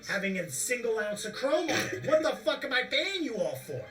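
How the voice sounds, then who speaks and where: A brash, greedy crime boss woman, put on by a male game master swings from crude glee to rage, her voice pitched high and bright. The sound comes from a distant mic with music playing behind it. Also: big pitch swings. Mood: irate. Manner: crude, gleeful, quick to anger.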